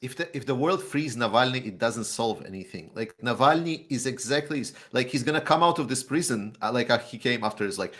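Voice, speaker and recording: A man's voice: medium pitch, expressive, a little fast, few pauses, fairly bright tone. A man appearing as a guest YouTuber in a live Q&A chat, speaking bluntly and sarcastically.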